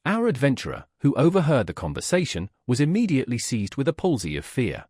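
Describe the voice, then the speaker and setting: A man narrating a classic novel as an audiobook, in a measured, expressive storytelling manner. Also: mid-range voice, dry recording, clean studio sound.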